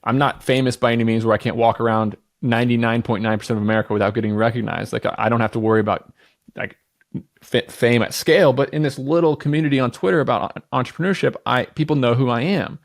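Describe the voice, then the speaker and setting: Blunt, energetic man in his thirties. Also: mid-range voice, quick pace, vocal fry. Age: 30s. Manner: blunt, candid, swears freely; energetic and confident. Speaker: podcast host. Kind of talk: casual podcast monologue.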